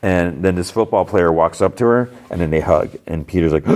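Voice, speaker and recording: A man's voice: deep voice, steady tone, normal speed, few pauses, a little mellow. A man hosting a podcast, recapping a cartoon episode in a rambling, conversational way. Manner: rambling, conversational, many fillers and restarts. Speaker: podcast host.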